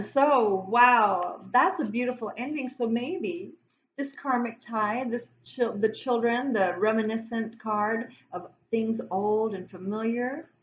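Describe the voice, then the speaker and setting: A woman's voice: a little high, slow, reverberant, lo-fi sound, a little hiss or hum. A woman giving a casual spiritual tarot reading to camera, rambling and going off on tangents. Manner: rambling, warm-hearted, self-interrupting. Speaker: tarot reader.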